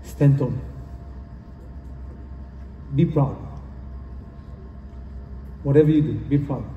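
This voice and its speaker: A man of medium pitch speaks slowly and warmly during a motivational conference talk. The sound is muffled, with slight background noise, and echoes from far across the hall. He comes across as earnest, repeats his points, and phrases things in a non-native way.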